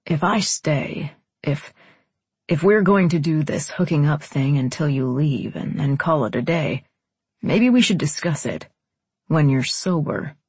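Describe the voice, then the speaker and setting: A woman's voice: sits low, animated, a little slow, a little mellow, husky, no echo, voice pushed down, heavily acted. A woman reading an audiobook, voicing a blunt, hard-edged young man in terse, clipped lines. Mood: quiet, earnest.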